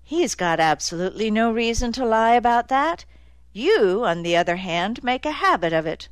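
A woman's voice: a little high, sing-song, normal speed, clean tone, dry recording, voice pushed up. A woman voicing a hard-edged male detective who is sardonic and cutting, in an audiobook. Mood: angry. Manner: dry, cutting, needling. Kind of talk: audiobook character voice.

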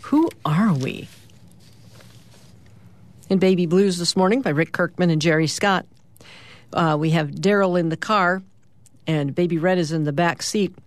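A radio host reading the morning comic strips aloud in an easygoing way, pausing with small fillers as he describes each panel. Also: mid-range voice, fairly even intonation, no room sound.

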